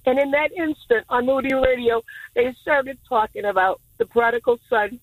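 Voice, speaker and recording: A woman's voice: high-pitched, moderate pace, dry recording, narrow, tinny audio. Woman radio caller, choked with emotion, calling while driving, dry sound. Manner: stumbling, repeating words. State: emotional, near tears.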